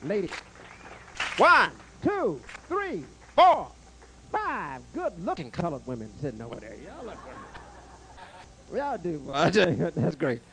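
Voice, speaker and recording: A man's voice: sits high, wildly swooping pitch, slow pace, gravelly, long pauses, noisy background. A man doing stand-up comedy on a club stage, firing brash one-liners and teasing the live audience. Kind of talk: stand-up comedy with crowd work.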